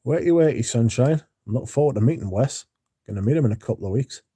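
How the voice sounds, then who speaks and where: Brief: mellow-toned man hosting a livestream, chatty and sweary, reads chat aloud. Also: lowish voice, very fast, slightly rough. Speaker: livestream host.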